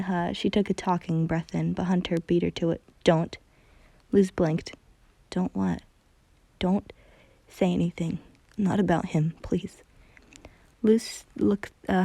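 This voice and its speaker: A woman narrates a fan-written story in a dark, gravelly voice. Her delivery stays flat and even. She often slips on a word and backs up to correct it, with a dry, close sound. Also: on the low side, no room sound. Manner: stumbles and corrects herself while reading. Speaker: fanfiction reader. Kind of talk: reading a story aloud.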